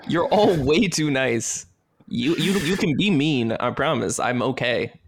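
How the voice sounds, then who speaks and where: Gravelly joking New Jersey man. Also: mid-range voice, expressive, a little slow, over a noisy crowd. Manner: joking, self-deprecating, laughs often. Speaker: podcast co-host. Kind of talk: casual podcast chat.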